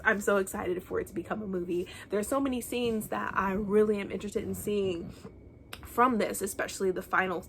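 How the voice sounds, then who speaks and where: A young woman from the United States gushes about her favorite reads in a casual home video. Her voice sits at an ordinary middle pitch, and a faint hiss of background noise stays under it. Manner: gushing and enthusiastic, with many restarts. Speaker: book reviewer. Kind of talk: casual book wrap-up chat.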